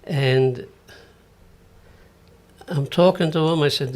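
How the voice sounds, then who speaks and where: A man's voice: mid-range voice, measured pace. An older man from Malta with a Maltese accent, a singer and entertainer recounting stories in a casual radio interview. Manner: storytelling, acting out quoted dialogue.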